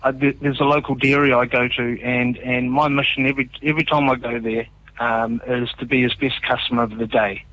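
A man's voice: mid-range voice, level tone, fairly quick, narrow, tinny audio. Chatty New man telling stories. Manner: chatty, laughing storyteller. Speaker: musician guest. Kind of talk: casual chat.

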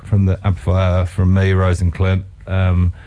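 A man hosting a radio show in a casual chat, relaxed and thankful, talking slowly with fillers. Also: sits low. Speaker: radio host.

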